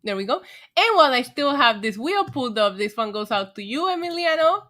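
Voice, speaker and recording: Woman streamer, high and bright, excitable, tipsy, swears a lot. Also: a little fast. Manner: excitable, swears freely, laughs often. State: getting tipsy from shots. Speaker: livestream host. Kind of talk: casual livestream chat.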